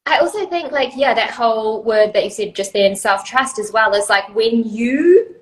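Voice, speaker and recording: A woman hosting an interview, chatting casually and warmly affirming her guest, often laughing. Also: on the high side, lively intonation, normal speed, roomy sound, poor audio. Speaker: podcast host.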